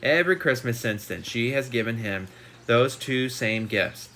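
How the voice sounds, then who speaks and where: Guy reading a book out loud at home, bright voice, chatty little asides, bit of faint background noise. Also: mid-range voice, expressive, measured pace. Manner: reads steadily with chatty asides. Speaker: shop owner reading a book aloud. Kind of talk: casual live read-aloud. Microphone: phone.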